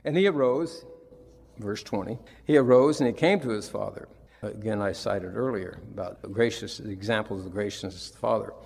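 A man's voice: on the low side, brisk, creaky, a little mellow, slightly rough. A man preaching a sermon, retelling scripture with emphatic, rising and falling delivery. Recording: long reverb of a large hall.

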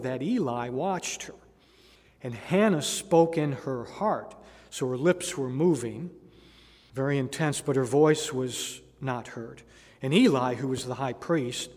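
A man preaching with earnest emphasis. He leans into key phrases and speaks at an ordinary pitch for a man. His voice rings through a reverberant hall. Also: a little mellow. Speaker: pastor. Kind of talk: sermon. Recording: echoey hall with long reverb.

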